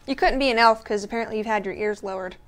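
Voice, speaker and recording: A female co-host with a fairly high voice. She chats casually on a live show and teases her partner playfully. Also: very fast. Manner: playful, teasing.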